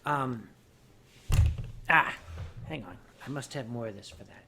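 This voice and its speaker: An older man hosting a livestream, rambling through stories to his chat while drinking, mocking himself and turning loud on the punchlines. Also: medium pitch, unhurried, background noise. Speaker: livestream host. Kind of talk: casual storytelling to a chat.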